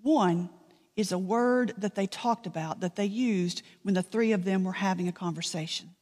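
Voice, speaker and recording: A woman's voice: mid-range voice, normal speed, a little mellow, long reverb tail. A woman pastor, preaching a sermon in a conversational storytelling way, with dry asides.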